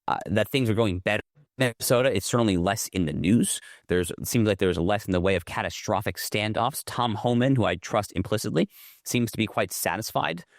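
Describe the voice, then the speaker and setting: A man's voice: on the low side, dry recording, clean studio sound. A man, a lawyer and guest in a political interview, arguing emphatically and fluently, often repeating words as he builds his point. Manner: emphatic, fluent argument with frequent self-repeats.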